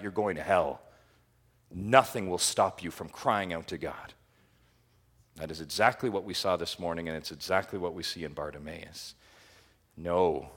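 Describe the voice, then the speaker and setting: A man with a lowish voice preaches a sermon in a church. He is impassioned, sinking to hushed, quiet lines and then climbing to loud, emphatic cries. Heard from the pulpit. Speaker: pastor.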